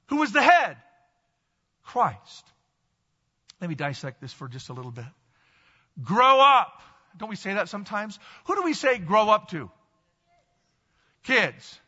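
Male preacher, sermon delivery, animated and husky, emphatic repetition, dull echoing church recording. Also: high voice. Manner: emphatic, repetitive, with the congregation repeating after him. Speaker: pastor.

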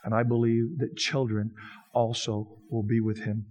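A man's voice: mid-range voice, little pitch movement, moderate pace, a little mellow. A man preaching a sermon as pastor, building emphasis through repeated phrases. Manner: preaching with rising emphatic repetition.

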